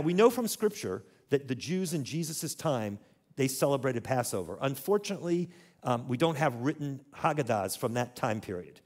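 A man teaching a church audience in a conversational way, asking them to repeat words after him. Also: mid-range voice. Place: church hall.

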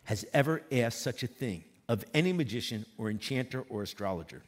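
A man's voice: mid-range voice, animated, normal speed. A man preaching a sermon, reading scripture aloud and retelling it with emphatic repetition. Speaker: pastor.

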